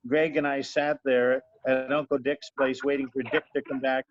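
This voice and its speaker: A man's voice: mid-range voice, little pitch movement, moderate pace, faint music behind. An older man telling a family story and a joke in a rambling, repetitive way on a video call. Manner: rambling, repeats himself while telling a joke. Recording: muffled video call audio.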